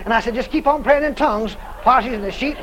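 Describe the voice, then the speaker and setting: A man's voice: very high voice, quick pace, fairly bright tone, slight background noise, poor audio. A male preacher telling a story in a sermon, acting out both sides of the conversation and often laughing as he tells it.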